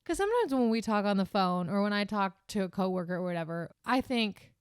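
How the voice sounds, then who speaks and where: A woman's voice: medium pitch, lively intonation, a little fast, smooth, no room sound, studio quality. A woman with a Californian accent co-hosting a casual podcast chat, rambling, swearing freely and laughing easily. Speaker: podcast co-host.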